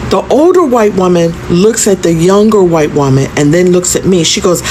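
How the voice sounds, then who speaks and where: A woman's voice: lowish voice, expressive, normal speed, few pauses, warm tone, slight background noise, rough recording. A woman in her fifties telling a storytime vlog in a conversational, emphatic way, often turning to ask the viewer questions. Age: 50s. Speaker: content creator.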